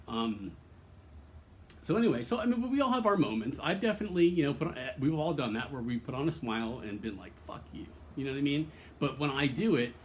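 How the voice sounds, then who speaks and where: A man's voice: medium pitch, slight background noise. A man talking straight to camera in a rambling, candid personal confession, earnest and emotionally open, swearing freely and restarting his sentences often. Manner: candid and profane, full of restarts and fillers. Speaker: vlogger.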